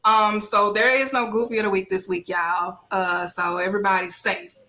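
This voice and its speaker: A woman's voice: medium pitch, fairly even intonation, moderate pace, pushed and bright. A woman hosting a casual podcast, chatty and talking straight to her listeners with plenty of fillers. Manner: chatty, addresses listeners directly, many fillers. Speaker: podcast host.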